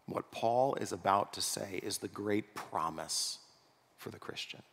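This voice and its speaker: A pastor preaching a sermon in a conversational way, often checking in with the congregation through rhetorical questions. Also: male voice, lowish voice, unhurried, gravelly, a bit bright. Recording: long reverb of a large hall.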